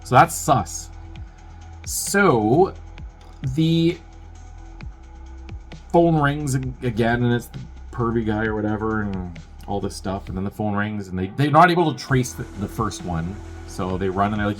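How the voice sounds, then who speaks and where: A young man with a somewhat low voice hosts a movie review and retells the plot in a loose, rambling way. He swears freely and drops wry asides between lots of filler words. Faint music plays behind him. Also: moderate pace, pauses often. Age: young adult. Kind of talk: casual spoken film recap.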